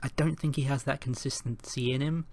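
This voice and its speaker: A man's voice: medium pitch, fairly even intonation, fairly quick, darkish tone. A man hosting a casual podcast chat, opinionated and emphatic as he talks. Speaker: podcast host.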